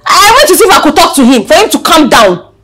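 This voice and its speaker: A woman's voice: high-pitched, very animated, fast talker, loud music behind the voice. A young woman with a Nigerian accent playing an indignant daughter who pushes her point with rhetorical questions. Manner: emphatic, fires off rhetorical questions.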